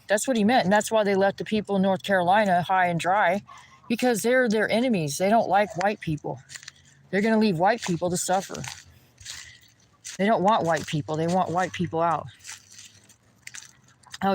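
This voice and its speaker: A man's voice: high-pitched, slight background noise, low-quality recording. A man ranting in a rambling, indignant way while walking outdoors by a pond. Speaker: vlogger.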